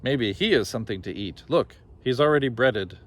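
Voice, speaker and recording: A man voicing a grumpy male giant, grumbling loudly through a storybook reading. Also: medium pitch, animated, moderate pace. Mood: angry. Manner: grumbling, loud. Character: grumpy huge male giant sick of beans.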